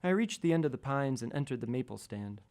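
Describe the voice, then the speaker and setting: A man calmly reading his own first-person radio essay, measured and a little wry. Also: mid-range voice. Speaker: storyteller.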